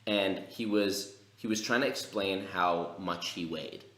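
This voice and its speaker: A man with a lowish voice tells stories on a casual podcast. He is animated and slangy, and swears freely. The sound is somewhat roomy. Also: a little slow. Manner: animated, profane, slangy storytelling. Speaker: podcast co-host. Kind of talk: casual chat, storytelling.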